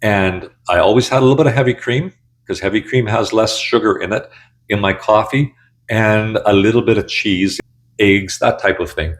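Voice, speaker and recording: A man in his sixties telling his own story to camera in a candid, blunt, conversational way. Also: fairly low pitch. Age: 60s. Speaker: channel host. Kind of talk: casual personal storytelling.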